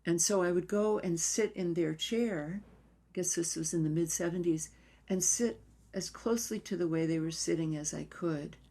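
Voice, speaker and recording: Older woman in a thoughtful, lowish voice. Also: mellow. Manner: reflective, thoughtful, unhurried, at times whispery. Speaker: dance therapist. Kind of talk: reflective interview storytelling.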